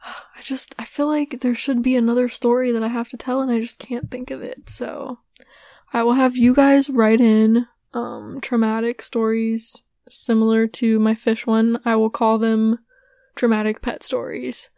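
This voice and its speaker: Hoarse young woman podcast host, kinda high voice, rambly and giggly, super dry close sound. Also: level tone, measured pace, warm tone, no room sound. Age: young adult. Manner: rambling, filler-heavy, giggly. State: hoarse, voice giving out. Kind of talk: casual storytelling monologue.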